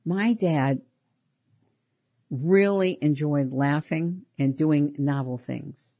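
A middle-aged woman hosting a show, telling personal stories in an animated way, often laughing and repeating her words. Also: low-pitched, slow. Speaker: podcast host. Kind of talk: personal storytelling.

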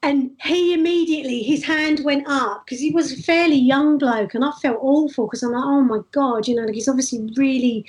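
A woman's voice: sits high, fairly quick, few pauses. Chatty woman telling stories. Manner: chatty, animated anecdotes with frequent restarts. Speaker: street performer guest. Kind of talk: casual interview storytelling.

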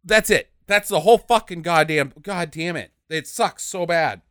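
A man's voice: on the high side, moderate pace, fairly bright tone, smooth, no echo, clean studio sound. A man co-hosting a podcast, ranting and mocking as he recaps a movie, with lots of swearing. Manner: ranting, mocking, acts out characters in silly voices. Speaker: podcast co-host reviewing a movie. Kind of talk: profane casual movie recap.

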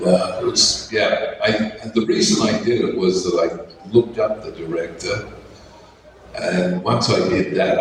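Speaking from a distant mic, this older Australian man has a deep voice. He's a panel guest at a convention, sharing stories with chuckles and impersonating those he quotes, while the big hall echoes and the crowd murmurs behind him.

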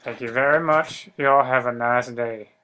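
A man voicing a huge, slow, overly polite giant man in a flat, formal manner in an improv comedy bit. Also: medium pitch, clear, resonant tone, close to an everyday voice. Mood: deadpan pleading.

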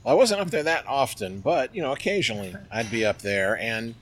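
A man's voice: mid-range voice, fairly quick, a little hiss or hum. Middle-aged guy rambling through poker stories on a podcast, lots of likes and you knows. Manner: lively, chatty, filler-heavy. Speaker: guest, poker player. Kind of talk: interview storytelling.

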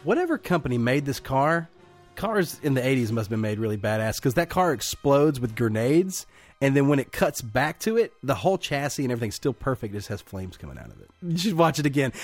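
Animated man acting out movie scenes. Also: a little fast, dry recording, soft background music. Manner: animated, acts out movie lines with loud high quotes, swears a lot. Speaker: podcast co-host. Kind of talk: casual movie-review chat.

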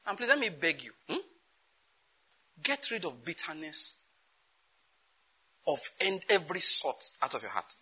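Husky, lively Nigerian preacher man. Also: sits high. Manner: animated, rhetorical questions, laughs often. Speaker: pastor. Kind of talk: sermon.

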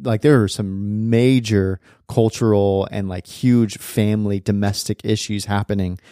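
A male podcast host asking questions in a relaxed, conversational way, with plenty of "like" and "you know" in his speech. His voice is low and warm, and the recording is dry and close. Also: unhurried, clear, resonant tone, dry recording. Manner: conversational, lots of fillers. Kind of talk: podcast interview.

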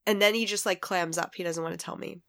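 A woman's voice: lowish voice, fast talker, gravelly, dry recording, clean studio sound. A woman in her thirties co-hosting a chatty podcast, stuffy from a cold, telling stories with lots of laughter. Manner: animated storyteller, laughs often. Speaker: podcast co-host. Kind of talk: casual chat.

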